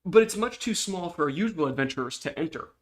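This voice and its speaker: A man's voice: fairly high pitch, expressive, fast, lightly acted. A man reading as a weary, troubled king. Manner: reads the lines plainly, close to his own voice. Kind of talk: reading comic dialogue aloud.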